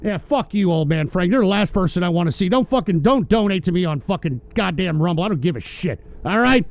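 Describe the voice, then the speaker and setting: A man's voice: high voice, lively intonation, a little fast, a little mellow. A man hosting an online political show, ranting angrily with constant swearing and sarcasm. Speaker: host of a political call-in show. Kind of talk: profane political rant.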